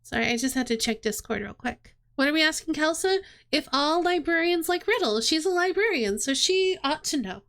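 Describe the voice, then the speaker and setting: A woman streaming a game, giving chatty, relaxed commentary between dialogue lines. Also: sits high, moderate pace, few pauses. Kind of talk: casual gameplay commentary.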